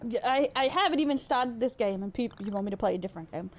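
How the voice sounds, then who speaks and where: A woman's voice: on the high side, lively intonation, fast talker. A young Australian woman with an Australian accent, live-streaming a game and chatting with her viewers, swearing and teasing them. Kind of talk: live-streamed gameplay chat.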